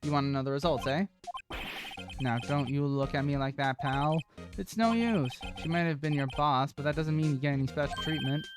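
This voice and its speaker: A streamer voicing a gruff, blustering male police detective who calls everyone "pal", reading game dialogue aloud over game music. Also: medium pitch, normal speed, close to an everyday voice.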